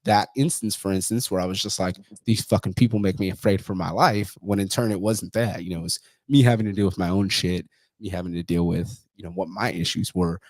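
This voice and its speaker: His low-pitched, steady voice moves a little fast and sounds slightly mellow as he tells personal stories on his podcast. The man, in his thirties and from California, USA, curses casually and performs the voices of those he quotes, with no echo present.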